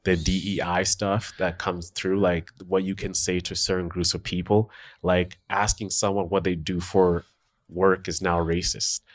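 A man co-hosting a podcast, chatting casually and acting out what other people say in exaggerated voices. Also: measured pace. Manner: animated, acts out quotes in high voices. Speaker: podcast co-host. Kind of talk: casual chat.

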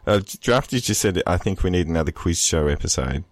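Giggly deep-voiced male podcaster. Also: lively intonation, fairly quick, dry recording. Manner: laughing storyteller, lots of restarts, giggly high bursts. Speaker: podcast co-host. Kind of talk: casual gaming podcast chat.

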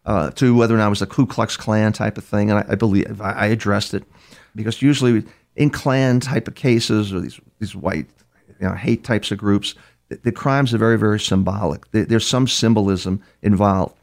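An older man who works as a criminal profiler tells long anecdotes during an interview, often restarting his sentences. His voice is lowish with vocal fry, at a normal speed.

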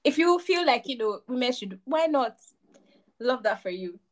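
A woman's voice: on the high side, lively intonation, moderate pace. A young woman co-hosting a casual podcast chat, emphatic and rambling, with frequent laughs. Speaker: podcast co-host.

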